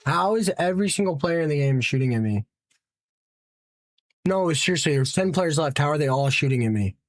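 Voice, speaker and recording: A young adult streaming a battle royale game from a small room at home, talking straight into a close, dry mic. The voice swings widely in pitch as they keep asking in disbelief how everyone is shooting at them. Between fights they chat casually with viewers. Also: animated, a little fast, dry recording. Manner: exasperated, repeats disbelieving questions, talks to chat. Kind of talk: live gameplay commentary chatting with viewers.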